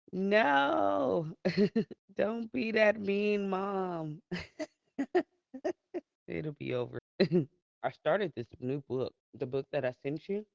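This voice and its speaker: Gravelly, lively woman streamer. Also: rumbling low, no echo, dull audio. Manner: laughs often, chatty and animated. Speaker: live streamer. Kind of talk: casual live-stream chat with viewers.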